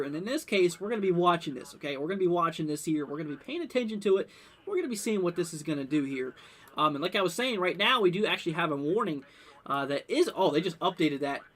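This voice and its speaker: A young man talks through live weather updates in a loose, rambling way, full of fillers. His voice sits a bit high and sounds bright and forceful. He breaks into sudden excited bursts when new warnings come in. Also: a little fast. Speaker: livestream weather host. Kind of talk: casual live weather commentary.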